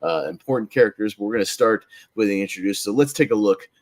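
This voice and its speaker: A man hosting a casual panel chat about movie recasting, in a relaxed way as he leads the discussion. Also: fairly low pitch, fast talker, vocal fry, dry recording. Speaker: host.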